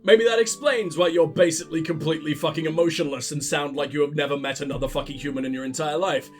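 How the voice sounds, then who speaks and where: Sarcastic, profane man with a high voice. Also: quick pace, soft background music. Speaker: let's play host. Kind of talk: gameplay commentary.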